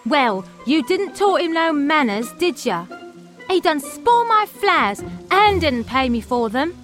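A man voicing a cheeky young flower girl with a Cockney accent, loud and brash in a storybook reading. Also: extremely high pitch, very animated, faint music behind, pitched above the performer's own voice, full character voice. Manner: loud, brash, drawn-out protests.

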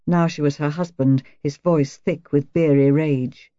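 Woman narrator, audiobook, low mellow voice, calm and measured, dull dry recording. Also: no room sound. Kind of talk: scripted first-person narration.

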